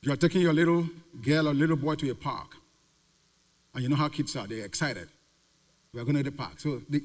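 A pastor preaching a sermon with emphatic repetition and rhetorical questions. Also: male voice, on the high side. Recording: reverberant hall.

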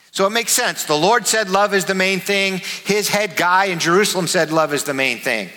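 A man preaching a sermon as pastor, emphatic, repeating his key words and swinging between soft and loud. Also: sits high, big pitch swings, moderate pace, long reverb tail, poor audio.

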